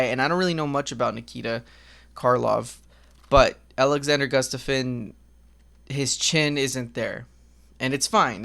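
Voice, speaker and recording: A man's voice: medium pitch, vocal fry, pushed and bright. A man giving casual, rambling commentary while gaming, candid and profane, with lots of fillers. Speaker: gaming vlogger.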